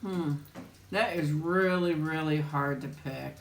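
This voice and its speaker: A woman's voice: low voice, slow pace, a little hiss or hum. Chatty laughing woman streamer, roomy sound. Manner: chatty storyteller, laughs often while talking. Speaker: live-stream host chatting with viewers. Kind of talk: casual live chat while eating.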